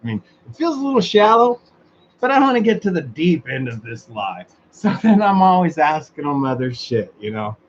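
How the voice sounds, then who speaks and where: Male host, sarcastic and profane, casual chat, slightly raised pitch, dull lo-fi recording. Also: very animated, moderate pace. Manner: sarcastic, laughs often, swears freely. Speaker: host of a motorized bicycle talk show. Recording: dull lo-fi sound with faint background noise.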